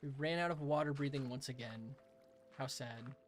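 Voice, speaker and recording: A man's voice: mid-range voice, normal speed, slight background noise. A young man streaming a game, chatting casually with his live chat, playful, rambling and laughing often.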